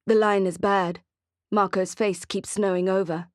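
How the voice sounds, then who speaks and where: A woman narrating an audiobook thriller in a steady, expressive reading. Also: medium pitch, measured pace, no echo, studio quality. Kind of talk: scripted narration.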